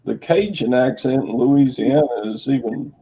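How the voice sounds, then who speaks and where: A man's voice: medium pitch, moderate pace, warm tone, a little hiss or hum, poor audio. A man co-hosting a casual online show, talking in an easygoing, drawling way. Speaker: co-host. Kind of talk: casual chat.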